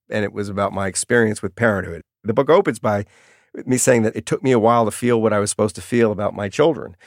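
Middle-aged guy, gravelly voice, animated storyteller, dry studio sound. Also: on the low side, no room sound. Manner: animated storyteller, acts out quotes. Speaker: guest, author. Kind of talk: storytelling in an interview.

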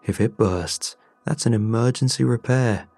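A man voicing a burly, quiet contractor with a fake professional manner. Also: mid-range voice, a little slow, no room sound. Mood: matter-of-fact.

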